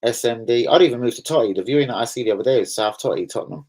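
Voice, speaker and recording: This livestream host talks rapid-fire in a mid-range, somewhat dark voice, with a London accent. He chats with his audience bluntly and swears a lot, and the recording is rough.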